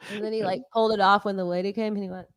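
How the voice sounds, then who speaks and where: A woman in her forties co-hosting a casual chat show, jumping in quickly and laughing often. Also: mid-range voice, flat delivery, clear, resonant tone, no room sound, clean studio sound. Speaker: co-host.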